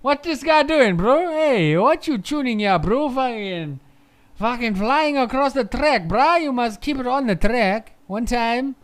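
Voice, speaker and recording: A man doing a hot-headed young racing driver who rants in a wobbly foreign accent. The voice jumps well above his normal register, and it is clean and crisp. Each outburst is short and indignant and ends with "bro.". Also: very high-pitched, lively intonation, unhurried, pitched above the performer's own voice. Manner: ranting, repeating "bro".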